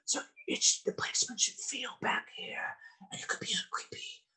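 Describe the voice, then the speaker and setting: A man voicing a creepy, ethereal ghost in a breathy whisper, as whispered role-play in an acting class. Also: normal speed, bright, forceful tone. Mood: eerie. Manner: demonstrating while explaining.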